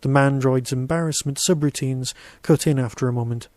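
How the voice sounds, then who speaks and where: A man narrating his own short story in a steady, even reading voice. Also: mid-range voice, brisk, no echo. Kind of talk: audiobook-style story narration.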